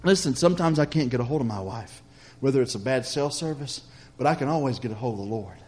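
A male pastor preaching a sermon, repeating phrases in a rhythmic cadence, asking "Amen?" of the congregation, swinging between loud emphatic lines and soft hushed ones. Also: mid-range voice, expressive, fast talker. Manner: preacherly, repetitive cadence with call-and-response "Amen?".

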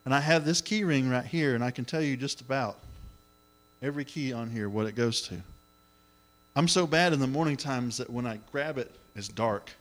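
A middle-aged man preaching a sermon, telling the story in an animated way and acting out the voices. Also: mid-range voice, normal speed. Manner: animated storytelling, acts out voices, exclamations of hallelujah.

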